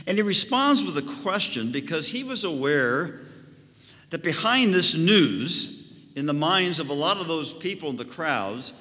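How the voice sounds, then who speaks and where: A man preaching in a church, his bright, ringing voice carried by long reverb. He leans into emphatic points with lively swings of pitch and a slightly high register. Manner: emphatic, rising and falling preaching cadence. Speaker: pastor. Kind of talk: sermon. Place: church sanctuary.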